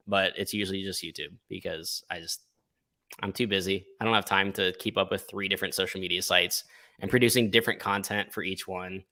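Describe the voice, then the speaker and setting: A man chatting as a guest on a podcast, animated and casually profane, acting out little quotes as he talks. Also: on the low side. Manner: animated storyteller, swears casually, acts out quotes. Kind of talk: casual chat.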